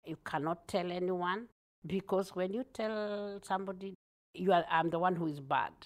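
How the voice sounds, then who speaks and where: A woman with a Kenyan accent, a guest telling her own story in an interview, earnest and animated, laughing often. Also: lowish voice, normal speed.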